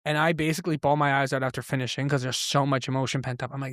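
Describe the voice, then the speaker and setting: A man who grew up in Canada as an immigrant, telling a personal story in an interview, acting out the voices of the people in it with big leaps in pitch. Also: little pitch movement, rapid-fire, few pauses, a bit bright, dry recording, clean studio sound. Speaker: guest, entrepreneur.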